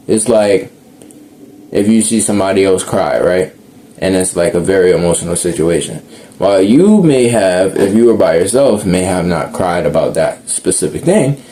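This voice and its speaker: Young man, low and warm, casual earnest monologue, self-correcting. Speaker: speaker sharing reflections.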